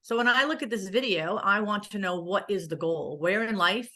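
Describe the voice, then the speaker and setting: A woman's voice: mid-range voice, moderate pace, pushed and bright. A woman therapist giving a conference presentation in a conversational way, with joking asides and frequent "um" fillers.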